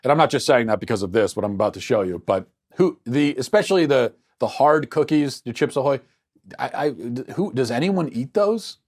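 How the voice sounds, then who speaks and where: Guy hosting a commentary show, mid-pitched, sarcastic and argumentative. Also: animated, fairly quick, a little mellow. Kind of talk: political commentary monologue.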